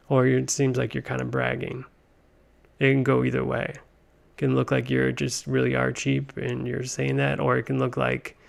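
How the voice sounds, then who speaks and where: A man hosting a comedy podcast, talking in a meandering, deadpan monologue full of tangents. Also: medium pitch, creaky. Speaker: podcast host.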